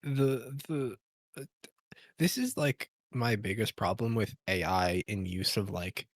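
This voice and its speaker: A man from Canada in casual chat, speaking haltingly with many restarts. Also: fairly low pitch.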